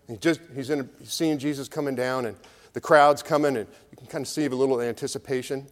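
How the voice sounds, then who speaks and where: A man's voice: medium pitch, steady tone, fast. Man preaching a conversational sermon. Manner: conversational, storytelling preaching with acted crowd voices. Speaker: pastor. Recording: long hall reverb.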